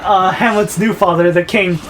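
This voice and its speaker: A man's voice: high voice, steady tone, moderate pace, a bit bright, slight background noise, rough recording. A young man co-hosting a gaming video, telling a long story in a rambling, filler-heavy casual way. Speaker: gaming co-host. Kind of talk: casual let's-play chat.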